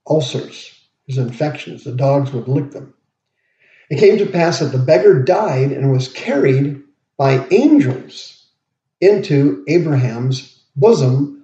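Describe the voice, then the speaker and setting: A man preaching a verse-by-verse sermon, slowly explaining each word as he goes. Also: mid-range voice, mellow. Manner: slow, deliberate, pauses to explain words. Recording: roomy, dull lo-fi podcast audio.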